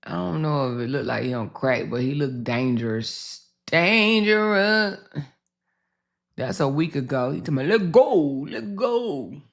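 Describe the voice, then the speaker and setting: A woman hosting a casual commentary livestream, chatting slowly with viewers, swearing and reacting to social media posts. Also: rumbling low, creaky, a little mellow.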